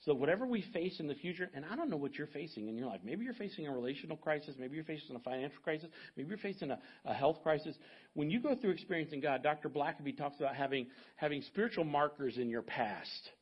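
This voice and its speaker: A pastor in his fifties delivers a sermon in a storytelling way, turning aside to explain things to his congregation. His man's voice sits a little high, and the recording sounds dull and lo-fi. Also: animated, quick pace, slightly rough.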